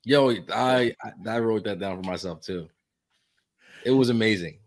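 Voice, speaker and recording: A man co-hosting a casual recap chat, dropping quick, amused remarks. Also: on the low side. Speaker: co-host.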